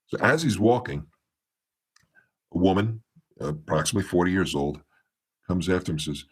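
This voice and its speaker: Very deep-voiced man telling a story. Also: expressive, moderate pace, pauses often, breathy edge. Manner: meandering retelling with many restarts, acting out quoted dialogue. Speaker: podcast guest. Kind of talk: storytelling in a casual interview.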